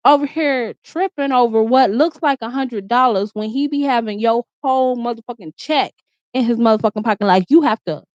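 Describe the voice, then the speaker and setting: Woman venting a storytime rant in her room, kinda high voice, real heated and cussing a lot, sound a bit muffled. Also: dry recording. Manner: heated, profane, repeats herself when riled. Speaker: vlogger. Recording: dull, slightly muffled sound.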